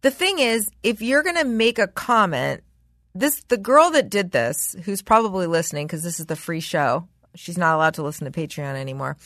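A woman's voice: lowish voice, very animated, moderate pace, fairly bright tone, no room sound, clean studio sound. A woman co-hosting a podcast in casual chat, speaking bluntly with swearing and often acting out what others say. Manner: blunt and profane, acting out quoted remarks. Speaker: podcast co-host.

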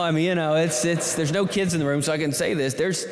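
A man tells a long personal story to a live audience, rambling and self-deprecating, and he often stops and restarts his sentences. His voice sits a bit high, and a long hall reverb trails behind it. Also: quick pace. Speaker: speaker.

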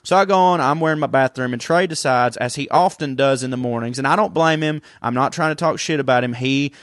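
A man's voice: mid-range voice, fairly quick, dry recording, clean studio sound. A young man, co-hosting a podcast and telling rambling stories in casual chat, swearing freely. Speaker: podcast co-host.

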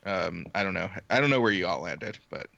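A man hosting a podcast, talking in loose casual chat full of fillers and laughter. His voice has a gravelly edge and swings a lot in pitch. The sound is dry and close. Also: lively intonation, a little fast, pushed and bright, no echo, lo-fi sound. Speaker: podcast host.

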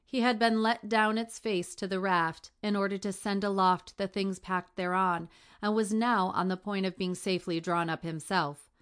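A woman's voice: mid-range voice, steady tone, normal speed, fairly bright tone, clean tone. A woman reading a classic adventure novel aloud as narration, lightly shifting her voice for the characters' lines. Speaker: audiobook reader. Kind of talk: scripted narration.

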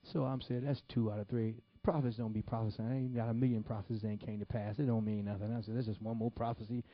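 A man preaching a sermon, telling stories with animated swings between loud exclamations and hushed whispers. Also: on the low side, fast talker, no room sound, dull audio. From Detroit, Michigan. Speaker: pastor. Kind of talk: sermon storytelling.

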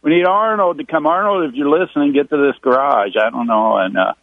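An older man calling in to a radio show, rambling and halting, repeating himself as he talks. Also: a little high, creaky, no room sound. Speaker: caller. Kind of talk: casual phone call to a radio show. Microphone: phone. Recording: dull dry phone line.

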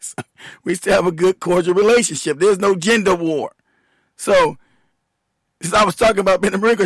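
A man rants heatedly on his livestream, swearing freely and breaking into laughter. His voice sits high for a man and sounds dry and close. He keeps trailing off and muttering as he wrestles with his computer. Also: no room sound. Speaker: show host, military veteran. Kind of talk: profane livestream rant.

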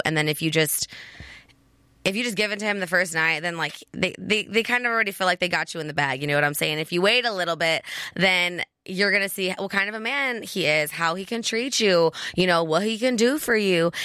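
A woman's voice: on the low side, fairly bright tone, no room sound, studio quality. A young woman, hosting a podcast and telling a personal story in casual, slang-filled talk. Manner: chatty, peppers speech with "like" and slang. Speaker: podcast host.

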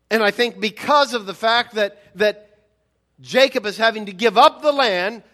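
A male pastor delivering a sermon, pressing his points with rhetorical questions and repeated words. His voice sits high, with a bright, forceful edge. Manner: emphatic preaching with frequent repetitions and rhetorical questions.

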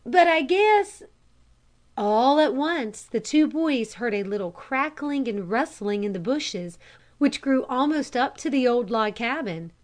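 A woman reading a children's storybook aloud in a calm, measured narration. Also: on the high side. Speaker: audiobook reader.

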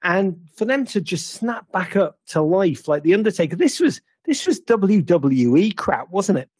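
A man's voice: high-pitched, very animated, normal speed, darkish tone, husky, dry recording, studio quality. A man hosting a football chat, telling stories theatrically and teasing his caller playfully. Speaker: host.

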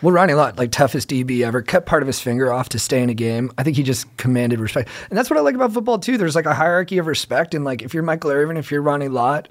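A man who is an actor, guesting on a podcast and chatting in an animated, blunt, profane way. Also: fairly high pitch, fast, hardly any pauses. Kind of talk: casual chat.

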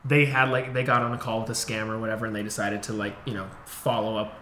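A man's voice: fairly low pitch, flat delivery, fast, sharp tone. A man co-hosting a podcast, telling a story in casual, profane chat and laughing often. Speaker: podcast co-host. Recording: roomy sound with faint noise.

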